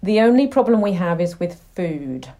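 A middle-aged woman chatting as a podcast guest, an animated storyteller. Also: on the low side, moderate pace. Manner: chatty, animated storyteller, acts out her dogs' voices. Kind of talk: casual chat.

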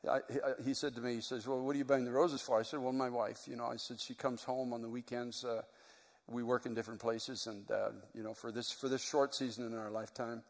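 A man's voice: mid-range voice, level tone, fairly quick. A middle-aged man preaching a sermon as a pastor, telling a story in an earnest, emotional way. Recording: long hall reverb.

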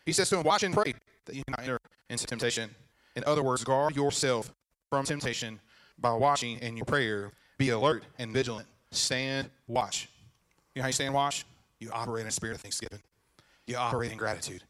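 A man, preaching a sermon at a brisk pace. He is animated, asking the congregation questions and throwing in playful asides. His voice sits at a middle pitch for a man. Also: poor audio. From Virginia. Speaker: pastor.

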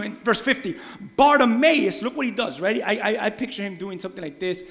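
High gravelly-voiced man preaching. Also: brisk. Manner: animated preaching, acts out voices, shouts quoted lines. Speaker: pastor. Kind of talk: sermon. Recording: long reverb of a large hall.

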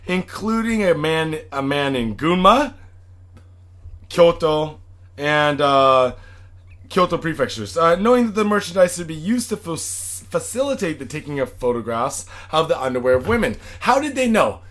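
A man's voice: fairly high pitch, expressive, normal speed, a bit bright. A man co-hosting a casual podcast, reading news items and riffing on them crudely with a lot of swearing. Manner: reads news items then riffs crudely, swears often. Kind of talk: casual profane podcast banter.

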